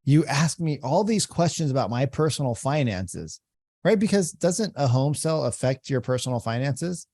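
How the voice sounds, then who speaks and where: A man's voice: mid-range voice, animated, moderate pace, dark tone, no room sound. A man hosting a podcast, explaining sales-call technique in a coaching tone and often asking "right?". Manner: explanatory, repeats phrases, frequent "right?". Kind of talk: coaching commentary.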